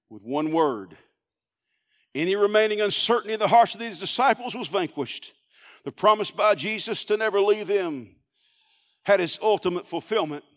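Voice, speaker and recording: A man pastor delivering a sermon, swinging from hushed softness to loud shouting in an emphatic, repetitive preaching cadence. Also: sits high, long reverb tail.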